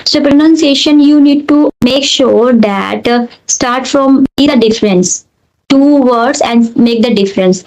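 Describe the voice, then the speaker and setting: A woman's voice: high voice, moderate pace, darkish tone, poor audio. A woman with an Indian accent, an English teacher, talking earnestly in a casual conversation and explaining with repeated examples.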